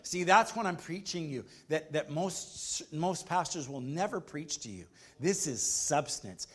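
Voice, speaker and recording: A man's voice: on the high side, lively intonation, a little slow, fairly bright tone, slightly rough. A man preaching a sermon as pastor, emphatic, calling for responses from the congregation.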